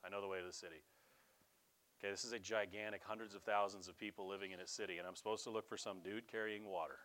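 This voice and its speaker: A man's voice: lowish voice, fast talker. A male pastor preaching a sermon in a conversational style, speaking directly to the congregation. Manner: conversational, animated, addresses listeners directly.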